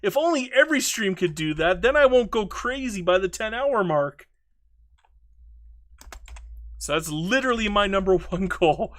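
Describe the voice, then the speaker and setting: Guy streaming a strategy game, kinda high voice, rambly and self-mocking, reads chat out loud. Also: lively intonation, moderate pace. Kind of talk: casual live-stream commentary.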